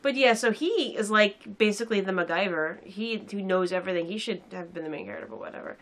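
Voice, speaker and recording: A woman's voice: medium pitch, quick pace, a bit bright. A young woman casually reviewing a film in a sarcastic, rambling way with many fillers.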